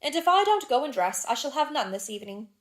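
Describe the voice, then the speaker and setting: A woman reading the part of a lively young duchess in a classic novel, chatting in playful society banter. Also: sits high, fast talker, voice pushed up. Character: lively, teasing young aristocratic Victorian duchess.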